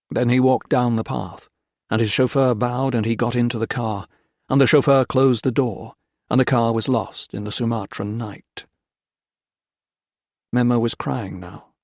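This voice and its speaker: A man reads a novel aloud in a steady, measured way. His voice is gravelly and husky at a mid pitch, recorded dry and close. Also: dry recording. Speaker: audiobook narrator. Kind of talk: scripted narration.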